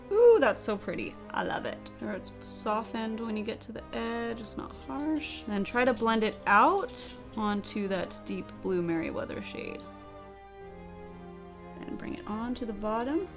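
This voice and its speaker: A woman's voice: fairly high pitch, animated, a little slow, music in the background. A young woman narrating a makeup tutorial, bubbly and chatty, with playful sound effects as she works. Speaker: beauty vlogger.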